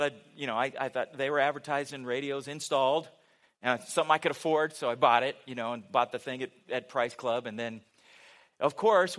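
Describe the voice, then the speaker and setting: A man's voice: a little high, fairly bright tone. A middle-aged man preaching a sermon, telling a story with humor and asking the audience questions.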